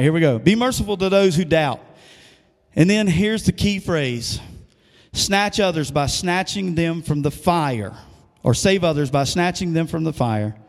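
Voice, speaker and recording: A male pastor delivers a sermon in a church sanctuary, talking conversationally and tossing questions out to his congregation. His voice sits a little high for a man, and a long reverb hangs around it in the big room. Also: creaky. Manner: conversational preaching with call-and-response questions.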